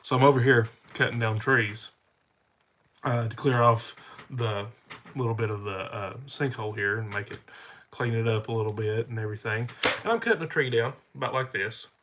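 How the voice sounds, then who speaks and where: A man's voice: mid-range voice, moderate pace, fairly bright tone, a little hiss or hum. Folksy man with a stuffy nose. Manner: rambling, repeats himself, folksy. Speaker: channel host. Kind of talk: casual storytelling to camera.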